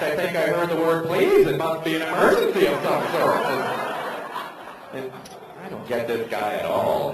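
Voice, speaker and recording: A man hosting a live stand-up comedy show in a big ballroom, rambling with self-mocking asides. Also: mid-range voice. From Canada. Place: large hotel ballroom with a live audience. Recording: echoey hall, far from the mic, audience noise.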